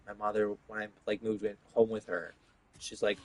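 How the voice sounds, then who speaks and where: A man's voice: fairly low pitch, steady tone, normal speed, fairly bright tone, faint music behind, rough recording. A man rambling through a casual, profane story monologue, filling his talk with "like". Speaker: vlogger.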